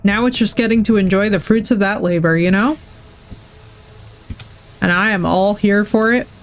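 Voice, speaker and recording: A young woman streaming live, gushing and effusive as she chats with her viewers. Her talk is casual and excitable. Faint noise sits under her voice. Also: medium pitch, normal speed, rough recording.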